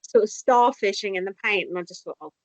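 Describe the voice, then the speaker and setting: A woman's voice: mid-range voice, a little fast, no echo. A woman co-hosting a podcast, chatting casually and giggling as she recaps a reality show. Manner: giggly, swearing, animated. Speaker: podcast co-host. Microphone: remote call mic. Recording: dull, dry lo-fi remote recording.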